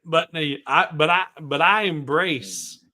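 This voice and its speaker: A man's voice: a little high, big pitch swings, slow pace, bright, forceful tone. A man with a Southern US accent hosting a casual woodworking livestream, talking in a rambling, friendly way with many restarts. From American South. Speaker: livestream host.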